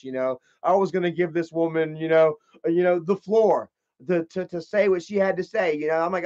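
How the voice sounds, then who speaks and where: A man's voice: a little high, fairly quick, darkish tone, dull audio. A man telling a story in a casual, profane, rambling rant, often repeating himself. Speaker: channel host.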